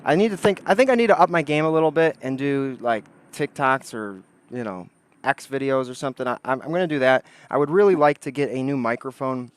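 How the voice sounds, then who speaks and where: A man's medium-pitched voice comes across brisk and clean as he hosts a casual outdoor livestream on a desk microphone. He greets the chat, rambles and thinks aloud while chatting with viewers.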